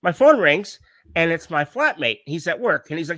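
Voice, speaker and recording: A man with an Australian accent, co-hosting a live stream, telling a story in a swearing, animated, casual way. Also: on the high side, normal speed, dry recording. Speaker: podcast co-host. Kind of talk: casual chat.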